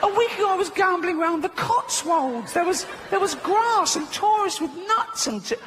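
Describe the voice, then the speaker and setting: A man's voice: lively intonation, moderate pace, noisy background. A man voicing an outraged male goat that shrieks and swears, in a stand-up routine. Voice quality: shrill, swearing. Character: male goat, furious and stranded.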